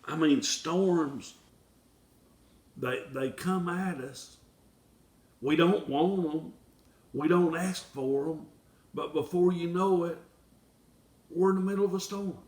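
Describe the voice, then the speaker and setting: A man's voice: fairly high pitch, slow, long pauses, darkish tone. Preacher man, echoey and far. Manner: folksy preaching, rising to impassioned outbursts. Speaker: pastor. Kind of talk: sermon.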